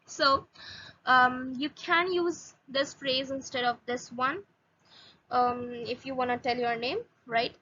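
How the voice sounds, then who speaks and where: A young woman teaching a casual video lesson, halting with fillers and slowing down to spell out phrases. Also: high voice, fairly even intonation, sharp tone. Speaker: language teacher. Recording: slightly dull lo-fi audio with faint noise.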